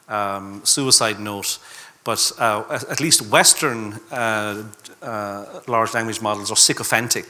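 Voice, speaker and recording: A man's voice: on the low side, sharp tone. A man speaking as a conference panelist, bluntly voicing skeptical opinions. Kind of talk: panel discussion. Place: conference hall stage.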